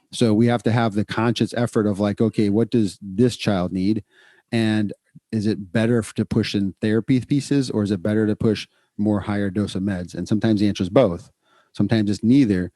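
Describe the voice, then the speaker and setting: A man hosting a podcast, explaining child behavior training in a casual, animated way and acting out what parents and kids say. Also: on the low side, dry recording, studio quality. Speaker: podcast host, clinician.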